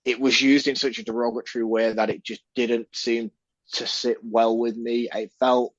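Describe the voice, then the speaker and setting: A man's voice: mid-range voice, no echo. A man co-hosting a podcast, talking earnestly and thoughtfully in casual chat. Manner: earnest, thoughtful, talks with restarts and repeats. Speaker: podcast co-host. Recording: dry, dull lo-fi sound.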